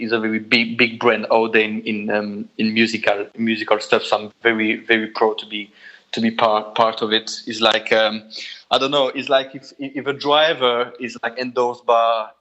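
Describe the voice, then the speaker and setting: Man, from Belgium, French accent, halting repeated words, bright tense voice, muffled lo-fi recording. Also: mid-range voice, level tone. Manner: laughs often. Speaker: guitarist guest. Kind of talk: casual interview chat.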